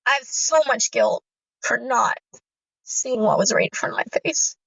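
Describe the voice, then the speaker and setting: A woman's voice: a little high, lively intonation, a little slow, vocal fry, fairly bright tone, no room sound. A woman in her thirties telling her own story in an earnest, intense first-person account of fear, remembered in vivid detail. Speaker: guest sharing her story. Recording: dull, dry lo-fi audio.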